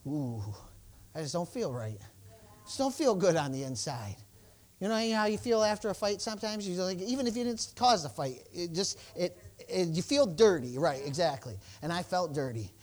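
A man's voice: high-pitched, lively intonation, moderate pace, a little mellow. A male pastor preaching a sermon, telling a personal story and acting out the exchanges, with stammered restarts and bursts of praise. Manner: exclamations of praise.

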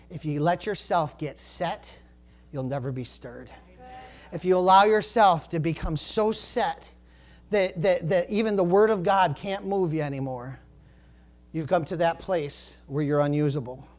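Pastor guy, pretty high voice, preaching hard, gets loud then drops way low, praise the lord every few lines. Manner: rising to fervent shouting when stirred, dropping low for emphasis; peppers talk with praise the Lord and glory to God. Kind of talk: sermon.

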